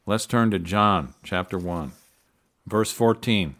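A man reading Bible passages aloud in a measured, deliberate way. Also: deep voice, fairly bright tone. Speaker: Bible reader. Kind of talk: scripture reading.

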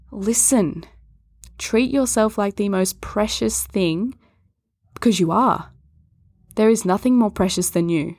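A woman's voice: medium pitch, normal speed, long pauses, a little mellow, no echo, clean studio sound. A woman yoga and Reiki teacher talking earnestly on a podcast, coaxing the listener and speaking straight to them. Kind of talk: podcast talk on chakras.

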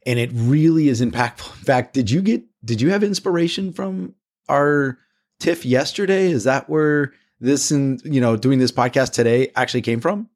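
A man co-hosting a podcast, telling a story in a lively way and mimicking voices as he goes. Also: mid-range voice, moderate pace. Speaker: podcast co-host. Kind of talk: casual podcast conversation.

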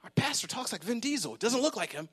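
A man's voice: extremely high pitch, sing-song, quick pace, fairly bright tone, husky. A man preaching a sermon in a church, fervent and emphatic, repeating words as he presses his point. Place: church sanctuary.

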